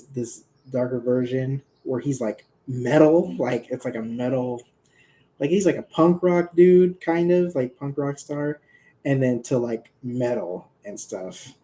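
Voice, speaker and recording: A man chatting casually to viewers about characters he created, rambling and laughing, and pausing to talk to his cat. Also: mid-range voice, warm tone.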